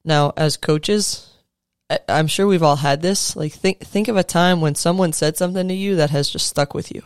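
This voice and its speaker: A man's voice: on the high side, normal speed, clean tone, no room sound, clean studio sound. A man in his thirties, a coach talking to other coaches in an earnest, conversational way, with casual fillers and restarts. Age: 30s. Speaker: sports coach speaking to fellow coaches. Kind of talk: motivational talk.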